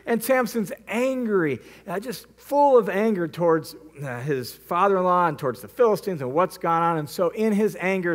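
A man teaching as a Bible teacher, retelling a story in a lively, conversational way with frequent asides. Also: fairly high pitch, moderate pace. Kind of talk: casual storytelling lesson.

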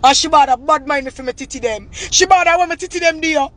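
A Jamaican woman ranting to camera in a heated, profane, repetitive tirade that breaks into shouting. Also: sits high, quick pace. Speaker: vlogger. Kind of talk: angry rant to camera.

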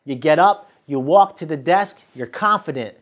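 A man's voice: on the high side, animated, normal speed. A man giving a motivational sales training talk, coaching the listener directly and acting out sales scenes with quoted dialogue.

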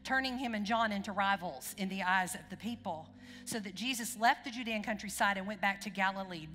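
Bright-voiced woman preaching in reverberant hall. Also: mid-range voice, a little fast. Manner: conversational, asks the congregation questions. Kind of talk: sermon. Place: church sanctuary. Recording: long hall reverb with faint music.

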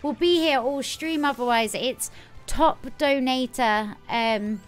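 Bubbly woman streamer, high smooth voice. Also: takes it slowly, faint music behind. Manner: chatty, with sudden excited squeals. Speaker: game streamer. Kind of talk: casual live gameplay commentary.

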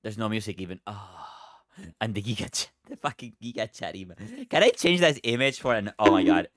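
A man livestreaming, chatting with his viewers in an excitable, rambling way, stammering and swearing. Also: lowish voice, brisk, dry recording, studio quality.

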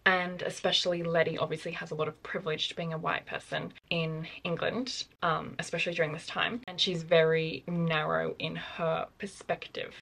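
Woman book vlogger, relaxed chatty delivery, lower register, enthusiastic. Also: breathy edge, low-quality recording. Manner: gushing, enthusiastic, frequent "like". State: tired. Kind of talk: casual vlog chat.

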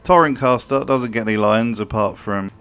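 A man's voice: mid-range voice, normal speed, over loud music. A man giving scripted commentary for a video, sarcastic and profane in his remarks.

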